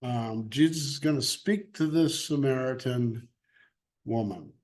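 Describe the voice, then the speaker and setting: Slow-talking man teaching Bible class. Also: medium pitch, a little mellow. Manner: chatty, laughs easily, loose restarts. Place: church classroom.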